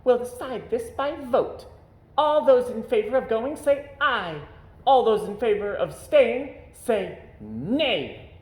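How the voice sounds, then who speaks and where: A man voicing a rude, selfish crowd of animal guests who talk shrill and bossy. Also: expressive, takes it slowly, a little mellow, exaggerated voice. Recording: echoey room.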